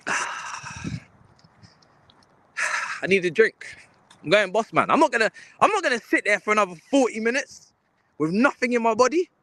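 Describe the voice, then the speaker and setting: Slangy young man, bright voice. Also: high-pitched, very animated, fast, no room sound. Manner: slangy, exasperated, muttering. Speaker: livestream host. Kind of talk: casual livestream rant.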